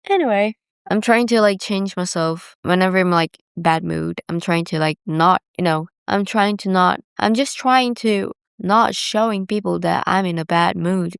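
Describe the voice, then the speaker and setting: On her solo podcast, a young woman talks candidly and confessionally, rambling and leaning heavily on "like." Her creaky voice is on the low side, clear and resonant, moving at a moderate pace in a dry, clean studio recording.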